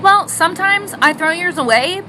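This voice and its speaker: A woman's voice: extremely high pitch, lively intonation, moderate pace, bright, forceful tone, slight background noise, pitched above the performer's own voice, full character voice. A woman voicing her young daughter, a sly and nonchalant girl with a breezy, offhand way of talking.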